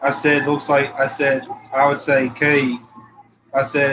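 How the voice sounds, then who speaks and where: A man's voice: medium pitch, completely flat delivery, a little slow, a bit bright, a little hiss or hum, low-quality recording. A man hosting a casual livestream chat, laughing often and circling back over his words while telling a joke. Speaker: livestream host.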